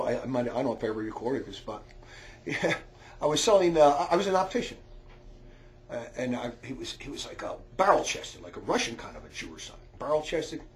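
A man tells a rambling story in a high, very lively voice that swings widely up and down. He is loud and heated, bursts into shouts, and trips over frequent restarts. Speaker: storyteller on a talk recording.

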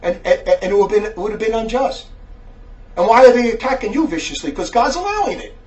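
A man's voice: high voice, very animated, fast talker, a little mellow, distant mic. A man giving an angry, preachy monologue aimed at a viewer, scolding him and repeating taunts. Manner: berating, preachy, repeats taunts like "buddy boy". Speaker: religious commentator.

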